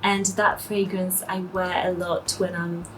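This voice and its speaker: A woman's voice: on the low side, level tone, a little slow, a loud crowd, poor audio. A woman chatting casually as a guest, thinking aloud and reflecting as she talks. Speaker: guest fragrance reviewer. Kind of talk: casual conversation.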